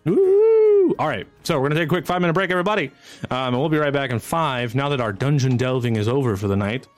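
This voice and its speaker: A man narrating as game master of a streamed tabletop game, energetic and chatty, swinging into excited whoops. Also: medium pitch, racing, no room sound, soft background music.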